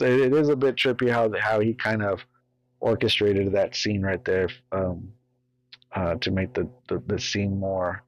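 A man with a lowish voice recaps a horror movie in a loose, rambling way, stacking fillers and casual swearing. The sound is dry and close, with no room behind him. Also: dry recording, low-quality recording. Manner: rambling, profane, filler-heavy retelling. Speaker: movie reviewer.

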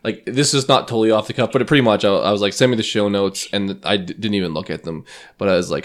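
A male podcast co-host in loose banter. His voice sits a bit low, and he jokes and laughs easily, tossing in casual swearing. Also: quick pace. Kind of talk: casual chat.

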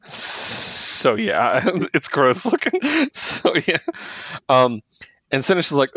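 Very animated but slow-paced, this man's mid-range, fairly bright voice has no room sound. He co-hosts a podcast recapping comic books casually, laughing often and playing out the characters' lines.

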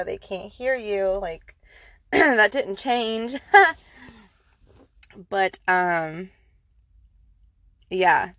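A woman's voice: mid-range voice, gravelly, a bit bright, no room sound. A woman casually telling a personal story, rambling with many fillers and restarts.

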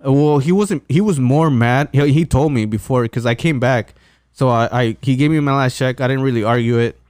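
A man's voice: mid-range voice, fairly quick, darkish tone, clear, resonant tone, dry recording. A man on a casual podcast, telling a long work story with lots of swearing and restarts. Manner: rambling storyteller, swears a lot, restarts often. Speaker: podcast co-host. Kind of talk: casual chat.

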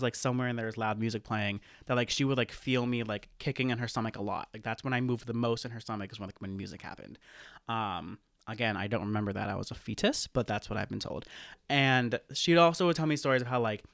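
A man from Maine, a band director and podcast guest, telling stories in animated casual chat and laughing often. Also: medium pitch, no room sound, studio quality. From Maine, United States.

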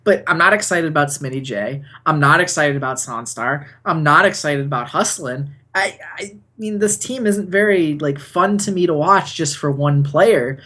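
A man's voice: fairly high pitch, moderate pace, few pauses, sharp tone. Opinionated esports podcast co-host, man. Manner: opinionated, emphatic, repeats for punch. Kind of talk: casual esports analysis chat.

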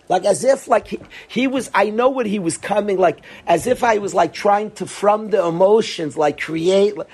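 A man's voice: high voice, moderate pace, hardly any pauses, darkish tone, breathy edge. A man, a rabbi, giving an earnest Torah lecture to yeshiva students, often repeating phrases for emphasis.

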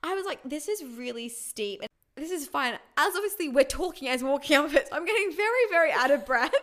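A woman co-hosting a casual chat, telling a date story with lots of laughter and animated retelling. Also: high-pitched, fast.

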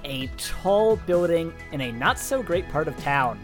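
A man running a tabletop game as its narrator, often tripping over and repeating his words. His voice sits slightly high. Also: lively intonation, a little slow, faint music behind. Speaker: game master.

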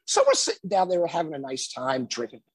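A man, a guest musician, telling a road anecdote in a casual, animated storytelling manner. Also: fairly high pitch, fast talker, slightly rough, no echo.

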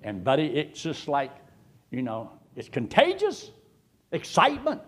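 A middle-aged man preaching a sermon in an animated cadence that swoops and rises suddenly. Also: fairly high pitch, a little slow, breathy edge.

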